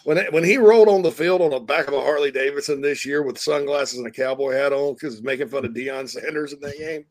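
A man's voice: medium pitch, fast talker, hardly any pauses. A man co-hosting a casual sports podcast over a remote call, rambling and restarting his sentences with chuckles. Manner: rambling, self-interrupting, chuckling. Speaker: podcast co-host. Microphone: home desk mic on a remote call.

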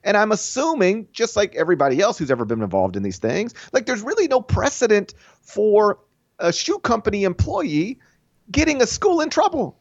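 A man hosting a casual sports podcast, animated and opinionated, often restarting phrases and putting on mock voices for others. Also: high-pitched, moderate pace, no room sound. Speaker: podcast host. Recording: dull lo-fi sound.

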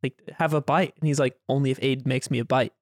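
A man's voice: medium pitch, steady tone, fast talker, darkish tone, no echo, clean studio sound. A young man co-hosting a podcast, recounting events in rambling casual chat. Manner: rambling, laughing, restarts. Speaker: podcast co-host.

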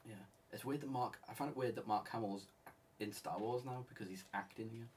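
Fast-talking young man, distant mic. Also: fairly low pitch, darkish tone. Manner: rambling, restarts sentences. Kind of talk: casual chat. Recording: distant mic with faint noise.

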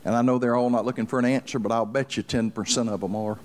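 A male pastor preaching a fervent sermon, repeating himself and building up loud as he tells stories. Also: mid-range voice, steady tone, fast talker, a little hiss or hum. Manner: fervent, builds up loud while telling a story; repeats himself and restarts for emphasis.

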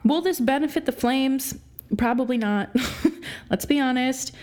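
A woman's voice: sits high, a little slow. Exasperated young woman podcast host. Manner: exasperated, animated, laughs between points. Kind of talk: opinionated sports podcast rant.

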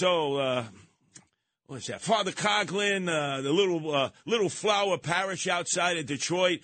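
Combative New radio host, bright tone. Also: male voice, fairly high pitch, no room sound. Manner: rambling, combative, sarcastic, with quick asides. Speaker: radio talk show host. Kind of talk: call-in talk radio monologue. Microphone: studio mic, dry.

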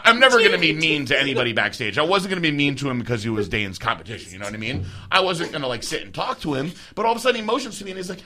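Man, animated storyteller, bright edgy tone, casual profane chat, does quick voices of others. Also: a little high. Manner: animated storyteller, swears freely, mimics others. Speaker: podcast co-host.

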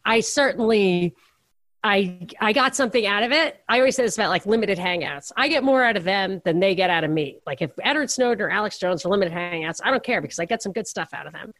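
A woman's voice: medium pitch, animated, fast, fairly bright tone, no room sound, studio quality. A middle-aged woman on a podcast, telling rambling, self-deprecating stories in casual chat. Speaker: podcast co-host.

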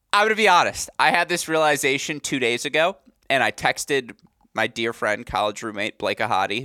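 A young man in his twenties co-hosting a podcast, chatting casually in an animated, rambling, jokey way. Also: lowish voice, dry recording, studio quality. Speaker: podcast co-host.

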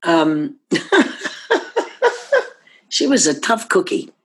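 An older actress telling anecdotes in an interview, animated and laughing often as she acts out what others said. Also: low voice, very slow.

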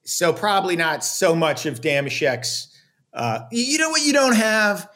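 A man's voice: high voice, big pitch swings, normal speed, pushed and bright. A man co-hosting a casual sports chat, ranting with sarcasm, laughing and swearing. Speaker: podcast co-host.

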